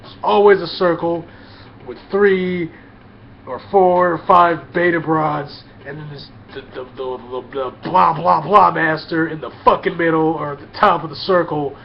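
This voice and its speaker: A man's voice: on the high side, steady tone, a little slow, gravelly, slight background noise. A man delivering a crude, blunt comedic rant in casual talk, often repeating himself and stumbling over words. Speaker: vlogger. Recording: dull lo-fi.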